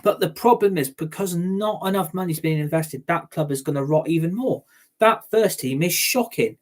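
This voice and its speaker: Speaking at a normal speed in a voice on the higher side, a man who hosts a football fan channel launches into a furious tirade. He rants hotly and swears constantly.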